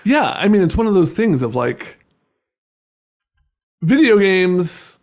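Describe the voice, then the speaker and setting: A young man with a high, sing-song voice is an interview guest in a casual conversation. He halts often, restarting sentences and filling gaps with fillers.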